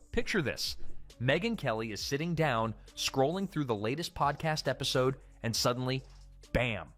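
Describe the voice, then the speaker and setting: A man delivers scripted commentary narration with dramatic punch. His pitch sits in the middle range. Faint music plays underneath. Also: a bit bright.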